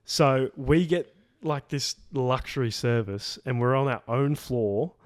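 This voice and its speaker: Speaking slowly, a young co-host loosely rambles through a long travel story in a casual podcast chat. He fills his talk with "like" and casual swearing. His medium-pitched voice is recorded dry and close, with no room around it.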